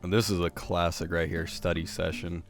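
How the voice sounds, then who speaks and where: A man's voice: sits low, level tone, moderate pace, over music. A young man hosting casual anime commentary, rambling with many fillers and restarts.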